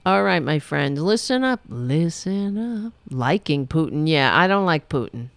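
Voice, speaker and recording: A woman's voice: low voice, big pitch swings, measured pace, gravelly, dry recording. A woman hosting a political talk show from home, blunt and exasperated, cursing freely and cooing at her pets between rants. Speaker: host.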